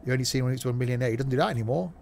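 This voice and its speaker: A man's voice: medium pitch, rapid-fire, creaky, darkish tone, slight background noise. A man streaming a train simulator, chatting casually and joking with his viewers as he drives. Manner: joking, chatty, banters with chat. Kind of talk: casual live-stream chat while playing.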